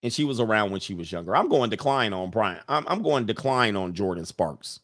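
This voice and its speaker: Loud joking man on a livestream. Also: on the low side, lively intonation, fairly quick, no echo, studio quality. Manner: loud, blunt, joking, laughs often. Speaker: livestream host. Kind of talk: casual livestream commentary.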